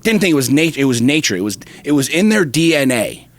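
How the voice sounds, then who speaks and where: A man's voice: medium pitch, sing-song, brisk, no echo. A middle-aged man, co-host of a talk show, telling a personal story with intense, profane emphasis that builds to fervor. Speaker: podcast co-host. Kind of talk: casual chat.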